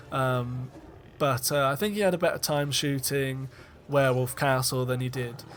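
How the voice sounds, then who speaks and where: A man's voice: mid-range voice, a little hiss or hum. A man giving a casual, rambling commentary as a film director, candid and self-deprecating, with frequent ums and restarts.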